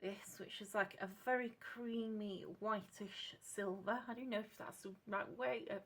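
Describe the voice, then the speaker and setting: An English woman chats casually and unscripted in a craft vlog, rambling, correcting herself and apologising along the way. Her voice is medium in pitch and steady, at a normal speed.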